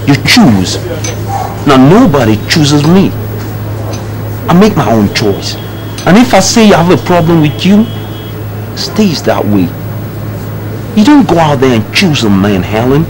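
A man's voice: fairly high pitch, very animated, a little slow, long pauses. A cold, condescending young man. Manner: lecturing, condescending. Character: cold, dismissive young man pushing his fiancee away. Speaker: young man ending an engagement. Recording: noisy film soundtrack.

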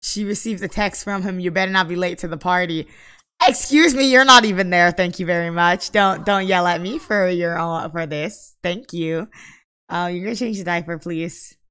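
Bright-voiced woman narrating her gameplay. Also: on the low side, moderate pace, clear, resonant tone. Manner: chatty, exclaiming, mock-exasperated at her characters. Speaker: gameplay commentator. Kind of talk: casual let's-play commentary.

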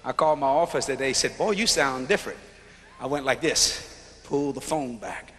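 A man preaching at a big revival crusade in a folksy, joking style, shouting lines and then dropping to a low voice. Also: moderate pace. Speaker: guest preacher. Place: large arena crusade. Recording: live arena sound with reverb.

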